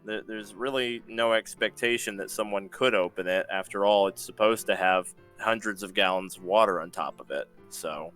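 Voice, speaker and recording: A man voicing a composed noble lady who speaks calmly and matter-of-factly in a tabletop game. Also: lowish voice, normal speed, few pauses, faint music behind, pitched below the performer's own voice, natural voice.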